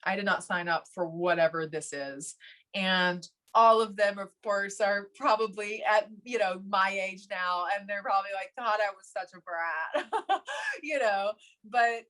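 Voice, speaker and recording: Woman guest, 30s, lively storyteller who slips into quoted voices and laughs a lot; mid-pitched, conversational. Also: unhurried. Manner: animated, laughs often, acts out quoted voices. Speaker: podcast guest. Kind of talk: casual interview storytelling.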